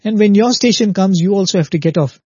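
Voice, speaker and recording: A man's voice: high voice, fast talker, a little mellow, slightly rough, no room sound, muffled recording. A man giving a spiritual talk who tells a parable earnestly and keeps checking in with the listener. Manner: earnest, repeats "very, very" and asks "right?". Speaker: spiritual speaker.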